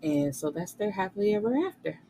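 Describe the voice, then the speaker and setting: A woman recapping a romance novel for her viewers in a casual, animated way, swearing freely and talking back to the characters. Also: medium pitch, fairly quick, a little hiss or hum, rough recording. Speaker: book reviewer.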